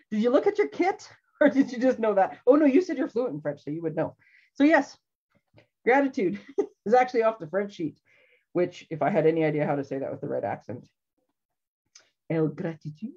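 A woman's voice: lowish voice, mellow, breathy edge, highs cut off. A woman hosting a casual live craft demonstration from her home craft room, chatty and rambling, laughing often. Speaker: craft show host.

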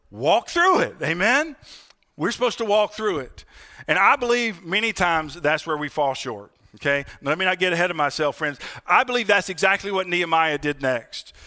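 A man with a high voice preaches to his church. His tone is bright and forceful, and he talks to the congregation as friends. He keeps checking in with them for an "Amen.". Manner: conversational, addresses the congregation as "friends"; asks for "Amen?" responses. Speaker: pastor. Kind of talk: sermon.

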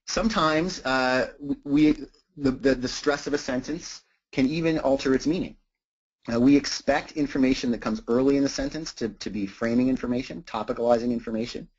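Halting lecturer, dull lo-fi recording. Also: male voice, mid-range voice, husky. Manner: frequent "uh" and repeated words, thoughtful. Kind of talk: academic talk on teaching writing.

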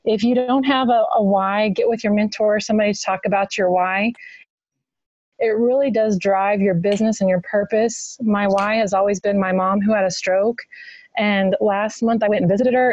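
A woman's voice: medium pitch, darkish tone, no room sound. A woman on a team video call, reading her bullet points in a sincere way. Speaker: team member sharing tips. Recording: dull, dry sound.

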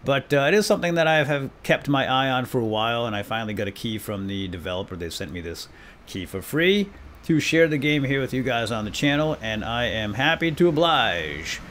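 A man in the middle of his range talks viewers through a game in an easygoing, self-deprecating way. Every so often he shouts mock commands at the crew on screen. Faint room ambience sits behind his voice. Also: medium pitch, sing-song, brisk, a little hiss or hum. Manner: chatty and self-deprecating, addressing viewers directly. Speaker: gaming channel host. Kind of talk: let's play commentary.

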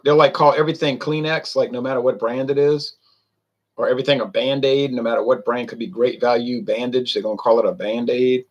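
A man's voice: mid-range voice, fast talker, husky, highs cut off. A man talking in a folksy, meandering way, with many fillers, while reviewing a drink on his vlog. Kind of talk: casual rambling monologue.

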